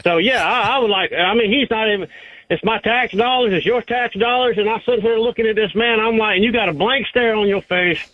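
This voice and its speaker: A man's voice: high-pitched, brisk, no room sound. A man from Georgia with a Southern accent, calling in to a talk radio show and speaking casually, in a folksy way, often repeating his words. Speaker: caller. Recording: tinny phone line.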